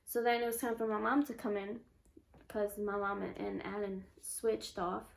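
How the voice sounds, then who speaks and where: A young woman vlogger telling a personal story in a chatty, animated way and acting out what others said. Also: medium pitch, normal speed, gravelly. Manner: chatty, animated, acts out quotes. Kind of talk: casual storytelling to camera.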